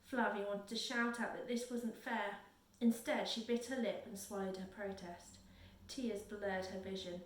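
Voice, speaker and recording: A woman reads a children's book aloud in a steady, careful way, with a middle pitch. Her voice sits a little back from the mic in a roomy space. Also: unhurried, far from the mic. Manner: steady and careful, with small slips she corrects. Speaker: reader. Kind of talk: reading a children's novel aloud.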